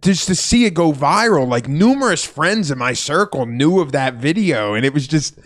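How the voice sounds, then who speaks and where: Excitable podcast co-host, slightly high voice. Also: male voice. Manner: enthusiastic, swearing, quick to laugh. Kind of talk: casual podcast chat.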